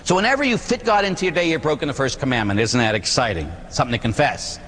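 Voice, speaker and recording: A man, a Catholic priest, giving an animated, conversational sermon full of rhetorical questions. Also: mid-range voice, fast, in a large hall.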